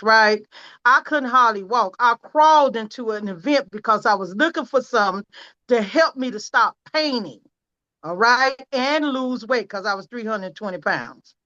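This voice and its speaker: With a fairly high-pitched, sharp-toned voice, a woman delivers a heartfelt product testimonial from home via video call. She's earnest and emphatic, at times close to tears, and the audio comes across dull.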